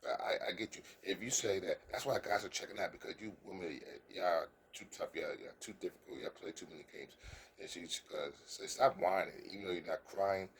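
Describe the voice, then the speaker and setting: His voice sits low, with slight background noise behind it. He offers casual, earnest dating advice to the camera like a coach, stumbling over words, repeating himself haltingly, and constantly asking "you understand?"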